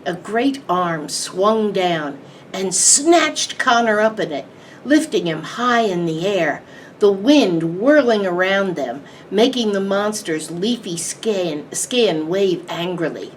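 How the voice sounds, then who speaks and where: A woman librarian reading a children's book aloud in an expressive, measured way. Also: mid-range voice. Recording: distant mic, faint background hiss.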